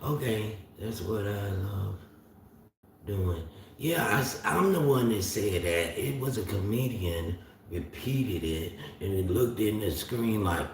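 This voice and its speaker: Low, slow-drawling Southern man. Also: lively intonation, a little hiss or hum. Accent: Southern US (north Florida). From Florida, US. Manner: rambling, drawling, talks back to chat. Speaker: livestream host. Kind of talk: casual livestream chat reading comments. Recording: very echoey room, distant mic.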